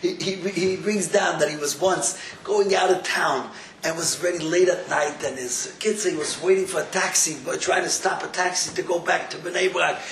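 A man with telling a story as a sermon, animated and laughing, with Hebrew and words in his talk. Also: sits high, moderate pace, echoey room, a little hiss or hum. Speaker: Jewish inspirational speaker.

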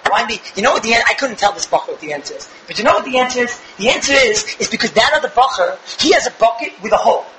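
A young man giving an animated religious lecture to a live audience, firing rhetorical questions with bursts of shouting. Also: very high-pitched, rapid-fire, few pauses, reverberant, slight background noise, low-quality recording. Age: young adult. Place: room with an audience.

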